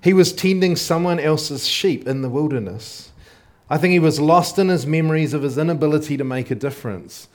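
A man's voice: on the high side, fairly quick, a little mellow. A man preaching a sermon in a casual, conversational way, often asking the congregation questions and thinking aloud with fillers and restarts.

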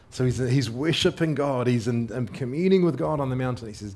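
A man preaching a sermon, explaining scripture in a conversational way with frequent rhetorical tag questions and animated readings. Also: medium pitch, fast talker, few pauses.

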